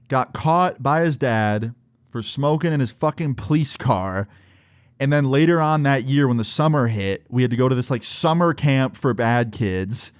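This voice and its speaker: A man's voice: mid-range voice, clean tone, dry recording, studio quality. Laid-back young man telling a story. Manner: laid-back, filler-heavy with frequent "like" and swearing. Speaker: vlogger. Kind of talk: casual storytime.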